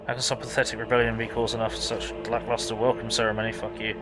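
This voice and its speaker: A man's voice: on the low side, monotone, fast, over music, poor audio. A man playing through a role-playing game, reading the story text aloud and swearing at times.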